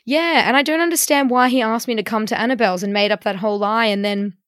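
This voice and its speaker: A woman's voice: fairly high pitch, fast, a bit bright, clear, resonant tone, dry recording, clean studio sound. Chatty young woman telling a story. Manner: chatty, wry, quotes messages in a mock-dramatic voice. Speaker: podcast host. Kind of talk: casual storytelling chat.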